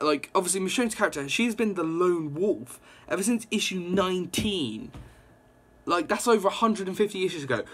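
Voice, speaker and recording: A young man recapping a comic book issue in a casual, excited ramble, full of "like" and quick reactions. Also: high voice, husky.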